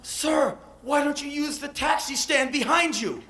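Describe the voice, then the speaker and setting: A man's voice: very high-pitched, unhurried, pushed and bright, echoey room, a faint crowd, a little hiss or hum, voice pushed up, full character voice. A man voicing a flustered middle-aged London cab driver who hollers his replies. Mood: exasperated.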